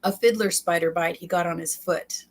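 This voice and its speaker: A middle-aged woman, a guest in a casual chat, easygoing and quick to laugh. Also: fairly low pitch, steady tone.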